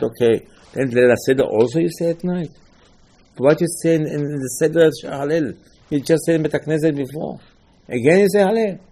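A man giving an animated Torah class, asking and answering his own rhetorical questions. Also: medium pitch, slightly rough. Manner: animated, rhetorical questions, lively emphatic teaching.

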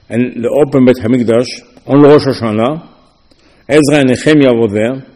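A man giving a Torah lecture as a rabbi, arguing back and forth through rhetorical questions in a lively, animated way. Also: medium pitch, long reverb tail.

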